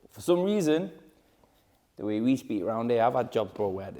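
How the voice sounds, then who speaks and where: A man's voice: mid-range voice, big pitch swings, moderate pace, mellow. A man hosting a casual chat, easygoing and agreeing, speaking in local slang. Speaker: podcast host.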